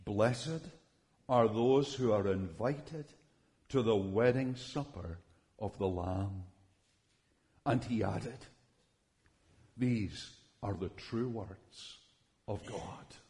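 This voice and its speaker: A man reading Bible passages aloud in a measured, solemn way, pausing between phrases. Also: medium pitch, darkish tone. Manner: measured, solemn delivery with long pauses. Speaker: scripture reader. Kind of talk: slow, deliberate Bible reading.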